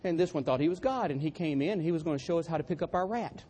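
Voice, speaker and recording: A man's voice: fairly high pitch, very fast, mellow, breathy edge. Folksy preacher man. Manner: folksy, self-deprecating storyteller. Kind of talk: humorous storytelling sermon.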